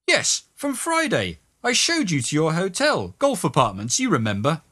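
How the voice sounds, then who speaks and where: A man voicing a young male beach hustler who is loud, pushy and keeps insisting. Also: fairly high pitch, wildly swooping pitch, normal speed, voice pushed up, full character voice. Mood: insistent. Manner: insistent, wheedling.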